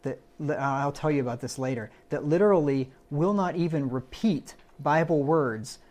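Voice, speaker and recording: A man's voice: fairly high pitch, moderate pace, darkish tone. A man preaching a conversational Bible-study sermon, often asking his listeners "right?" and reading verses aloud. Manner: conversational, quotes scripture, asks the room "right?".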